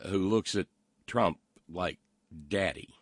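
A man's voice: deep voice, dry recording. A man hosting a political talk show, reading listener comments and mocking the news with sarcasm and lots of ums and uhs. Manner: mocking, sarcastic, halting with many fillers.

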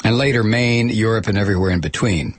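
A man's voice: lowish voice, fast talker, breathy edge. A man giving an informal spoken commentary, wry and sardonic, with offhand asides.

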